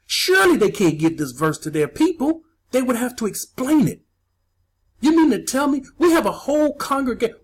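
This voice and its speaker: A woman preaching with a fairly high, husky voice that swoops up and down with emphasis. She hammers key phrases again and again and fires rhetorical questions at her listeners. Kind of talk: sermon.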